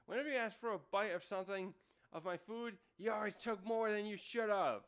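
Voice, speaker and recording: A man's voice: sits high, fairly quick, a bit bright, voice pushed up. A man voicing a giant captain who complains, exasperated, about an old friend. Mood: grumbling. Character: grumbling giant captain airing grievances.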